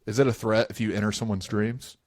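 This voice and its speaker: A young man co-hosting a podcast, telling stories in a casual, animated way and laughing easily. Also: on the low side, fairly quick, no room sound. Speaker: podcast co-host. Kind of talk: casual chat.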